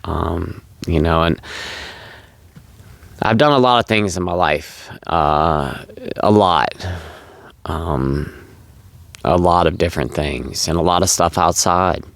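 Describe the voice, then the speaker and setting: A man's voice: sits low, takes it slowly, vocal fry, pauses often, dry recording. A man vlogging candidly about his own past, earnest and confessional, repeating words for emphasis. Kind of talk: confessional personal storytelling.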